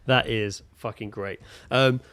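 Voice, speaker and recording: A man's voice: on the low side, fairly even intonation, takes it slowly, fairly bright tone, clean tone, dry recording. A man co-hosting a podcast over a video call, telling stories in a laughing, sweary, casual way. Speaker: podcast co-host.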